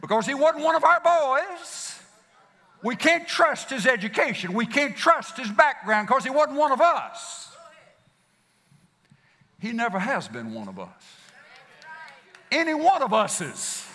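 A man preaching a sermon, swinging between loud declarations and hushed passages, in a folksy manner. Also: extremely high pitch, sing-song, a little slow, long pauses. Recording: long hall reverb.

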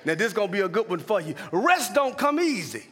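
A man preaching a sermon as pastor, calling to the congregation for responses and building to shouted climaxes. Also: sits high, big pitch swings, fast talker. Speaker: pastor and chaplain. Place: large church hall. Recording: long hall reverb.

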